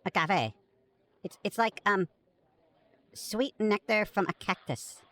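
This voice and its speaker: A woman as a young female barista, hesitant, halting and unsure. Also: medium pitch, expressive, a bit bright, no room sound. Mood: dithering. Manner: hesitant, full of ums. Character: dithering young female coffee-shop barista.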